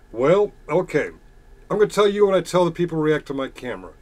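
A man with a fairly high-pitched voice rants back at his chat, reading out comments and answering with biting sarcasm. His talk is casual and full of swearing, combative and mocking. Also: big pitch swings, fast, a little mellow. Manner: reads chat messages aloud and retorts. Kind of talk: casual ranting monologue.

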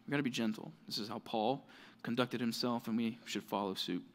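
A man's voice: mid-range voice, fairly quick. A man preaching a sermon as pastor, conversational and earnest, with frequent fillers like "right" and "like".

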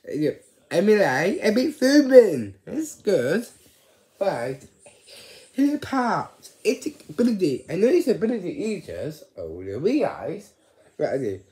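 Man, vlogger, slow halting ramble, lively swinging pitch, repeats himself. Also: reverberant. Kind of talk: casual vlog chat.

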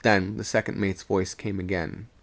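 Male storyteller for a spooky livestream reading, low gravelly tone, measured pacing. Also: level tone. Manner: slow, deliberate, suspenseful reading. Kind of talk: reading a ghost story aloud.

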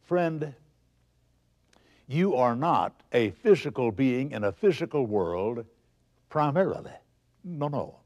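A man preaching a televised sermon in an emphatic, animated manner, reading scripture aloud along the way. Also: medium pitch, takes it slowly, long pauses.

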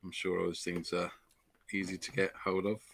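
Player: sarcastic, swearing man with a low gravelly voice. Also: little pitch movement, normal speed, a bit bright. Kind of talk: casual play commentary.

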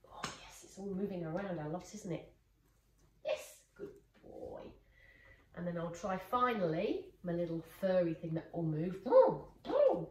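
Woman dog trainer, lowish voice, encouraging, recorded from across an echoey room with faint noise. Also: unhurried, distant mic. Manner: praising, encouraging. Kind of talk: casual training demonstration.

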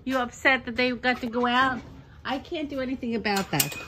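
A woman's voice: a little high, fairly quick, noisy background. A woman caring for foxes at a sanctuary, chatting to them in a cooing pet voice outdoors. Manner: coos and chats to the foxes in a sing-song pet voice. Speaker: fox sanctuary caretaker. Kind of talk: casual talk to animals while filming. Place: outdoor animal enclosures.

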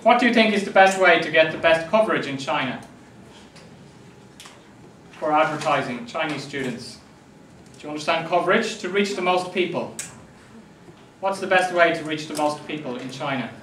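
A man's voice: a little high, expressive, moderate pace, long pauses, a bit bright, a little hiss or hum. A man with an Irish accent lecturing a class in a jokey way, often checking that students understand. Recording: echoey room, mic from far off.

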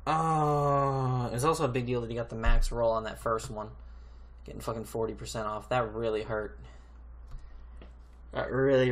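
A man giving live gameplay commentary, thinking aloud in an exasperated way and swearing constantly as he mutters to himself. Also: medium pitch. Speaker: gaming YouTuber.

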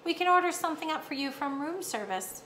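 A woman's voice: high-pitched, lively intonation, quick pace, bright, forceful tone, pitched above the performer's own voice. A woman doing a kindly, coaxing father. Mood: gentle. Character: kindly father of a sick boy. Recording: echoey room, faint hum.

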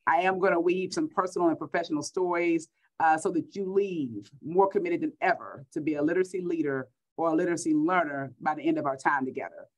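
A woman's voice: low voice, brisk, rough recording. Upbeat Texan woman giving a keynote. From Texas. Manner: upbeat, repeats words for emphasis. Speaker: school superintendent. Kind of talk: keynote speech.

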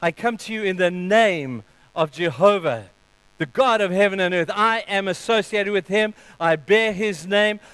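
A man preaches a sermon in a high, resonant voice. He punches key lines with sudden loud emphasis, then falls to a hushed tone. The sound is close and dry, with no room echo. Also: moderate pace, clean tone. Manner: leads a closing prayer. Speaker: pastor.

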